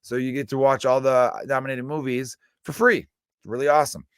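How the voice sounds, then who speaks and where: A man's voice: mid-range voice, steady tone, a little fast, clean tone, dry recording, clean studio sound. A man from the United States hosting his own comedy podcast, rambling through a casual rant with loose, profane, self-mocking asides. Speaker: stand-up comedian podcast host.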